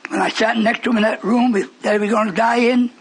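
A man preaching a fiery sermon, speaking emphatically and breaking into shouts. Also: extremely high pitch, steady tone, fast talker, husky, rough recording.

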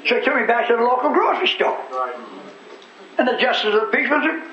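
A man, a radio preacher telling a folksy story that rises into fervent shouting. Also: very high voice, fast, a crowd in the background. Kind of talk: storytelling sermon. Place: church hall. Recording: echoey hall, muffled, loud congregation.

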